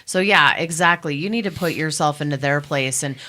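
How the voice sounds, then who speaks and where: A woman's voice: low voice, fairly quick, pushed and bright. A woman who runs a cannabis testing lab, speaking emphatically and with indignation as a guest on a radio talk show. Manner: emphatic, indignant, storytelling with quoted voices. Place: radio studio.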